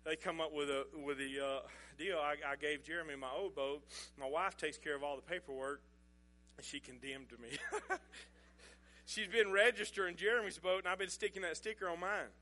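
Middle-aged man, pastor telling a sermon story, chatty, chuckling, bright tone. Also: a little high, steady tone, normal speed. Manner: folksy, chuckling, conversational.

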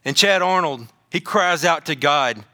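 Male pastor, bright and a bit high, lively sermon with jokes. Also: unhurried. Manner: animated, repeats words, joking asides.

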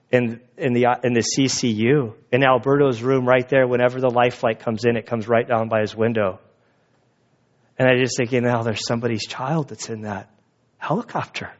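Casual talking pastor, slightly high voice. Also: male voice, highs cut off. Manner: conversational storytelling, many fillers and restarts. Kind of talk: sermon.

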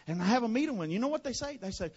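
A pastor from West Monroe, Louisiana, with a Southern accent, preaching a fiery sermon to a congregation. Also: male voice, extremely high pitch, expressive, very fast, highs cut off. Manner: fiery preaching, swinging from hushed to shouted.

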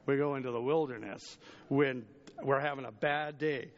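A man preaching a sermon as pastor, chatty with the congregation, jumping to loud exclamations and dropping to hushed asides. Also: steady tone, normal speed, in a large hall, highs cut off. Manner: conversational preaching, swings between raised exclamations and hushed low asides.

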